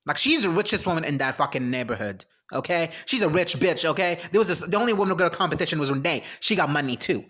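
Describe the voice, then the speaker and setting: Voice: medium pitch, expressive, fast talker, few pauses, fairly bright tone. A reaction video host in casual commentary, ranting and swearing, breaking into laughs and restarting sentences. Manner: ranting, profane and heated; laughs and trails off mid-sentence.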